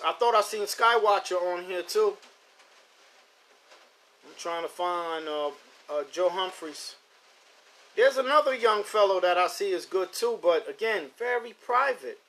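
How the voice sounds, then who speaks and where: A man's voice: high-pitched, animated, a little slow, pauses often, a bit bright. A middle-aged man hosting a pigeon racing live stream, talking casually in a rambling way and repeating his words as he chats with viewers. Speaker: host of a pigeon racing show. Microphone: phone or computer mic.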